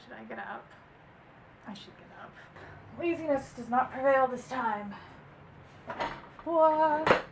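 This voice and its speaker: A woman's voice: high-pitched, slow pace, pauses often, noisy background. A young woman hosting a casual book vlog, reading poems aloud and often breaking into laughter. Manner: giggly, easily amused, breaks into laughter. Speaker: booktuber host.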